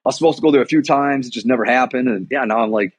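A boxing and Muay Thai coach from Milwaukee, USA, appears as a guest and rambles through a casual chat, telling stories stuffed with "like" and "you know." His medium-pitched voice is rapid-fire and slightly rough, with no echo.

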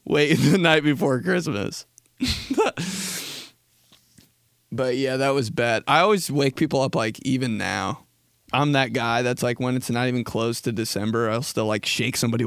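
A man's voice: expressive, moderate pace, vocal fry, smooth, dry recording, clean studio sound. A man in his twenties chatting casually and comedically, rambling and acting out quotes with frequent laughter. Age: 20s. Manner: rambling, laughing, acts out quotes in high voices. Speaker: podcast host.

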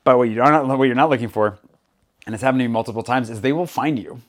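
A man talks at a quick clip as he hosts a relaxed podcast conversation. He tells his stories with energy and slips into the voices of the people he describes. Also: medium pitch. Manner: animated storyteller, acts out quoted people. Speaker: podcast host. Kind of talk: casual chat. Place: Paris.

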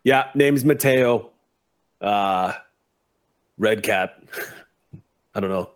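A man's voice: fairly low pitch, very slow. A man voicing a crude, nosy male Redcap fae who swears freely and pries bluntly, in a tabletop role-play. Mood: sardonic.

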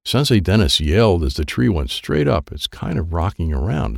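A man narrating a children's chapter book in an animated, playful way, voicing the sound effects himself. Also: low-pitched, moderate pace, vocal fry, few pauses, no echo, clean studio sound. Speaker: audiobook narrator.

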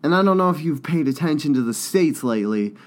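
A man's voice: fairly high pitch, expressive, quick pace. A man co-hosting a casual comedic chat, joking and slipping into put-on accents as he tells stories. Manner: joking, puts on accents mid-story. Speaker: podcast co-host.

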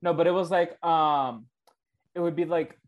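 A man's voice: on the high side, fairly even intonation, moderate pace, lo-fi sound. A man co-hosting a casual podcast, talking loosely and enthusiastically with lots of "like" fillers. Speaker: podcast co-host.

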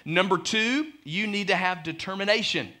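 A man's voice: high-pitched, moderate pace, sharp tone. A man preaching a sermon as pastor, emphatic and speaking straight to the congregation with frequent asides and repeated words. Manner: repeats words when building a point.

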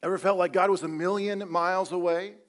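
A man preaching a sermon in a slightly high voice. He keeps it conversational and leans on rhetorical questions. He stretches out the words he wants to stress, then picks the pace back up. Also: fairly even intonation, brisk. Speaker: pastor.

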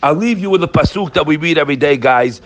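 Animated man giving a Torah lecture. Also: on the high side, fast, a little hiss or hum. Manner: animated, rhetorical questions, quotes Hebrew verses. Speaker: Torah teacher.

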